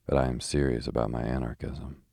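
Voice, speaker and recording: A man reading the part of a proud anarchist poet with a supercilious, slow manner. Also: extremely low pitch, little pitch movement, gravelly, a little mellow, no echo, clean studio sound, exaggerated voice. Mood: menacing. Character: big red-haired male anarchist poet, proud.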